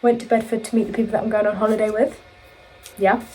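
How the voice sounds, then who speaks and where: A woman's voice: medium pitch, level tone, fast talker, dark tone, rough recording. A young woman vlogger telling a long story in casual chat, rambling and correcting herself as she goes. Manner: rambling, self-correcting, chatty.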